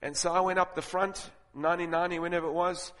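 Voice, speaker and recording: A man preaching a sermon, telling stories and building to loud, emphatic points. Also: sits high, flat delivery, quick pace. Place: large auditorium with audience. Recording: long reverb of a large hall.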